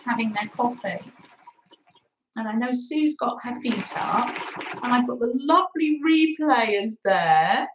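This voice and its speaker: An English woman with a high, sing-song voice that rises and falls a great deal, talking slowly and warmly. She greets her live viewers by name and giggles often. The room has a noticeable echo. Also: a little hiss or hum. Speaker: craft livestream host. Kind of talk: chatty live craft stream, greeting viewers. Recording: roomy echo.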